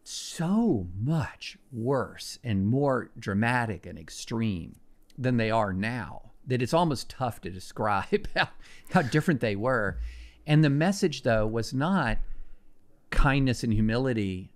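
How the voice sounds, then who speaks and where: A man talking as a podcast guest, earnest and emphatic, pressing his points with conviction. His voice sits at a middle pitch for a man, and he often restarts his sentences as he builds an answer. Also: lively intonation, slow pace. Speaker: guest commentator. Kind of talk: podcast conversation.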